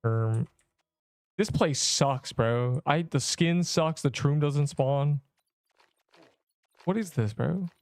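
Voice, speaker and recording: A man's voice: on the high side, slow, pauses often, a little mellow, no echo. A young man chatting on a game livestream, rambling in slang and joking with mock outrage at his chat. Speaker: game streamer.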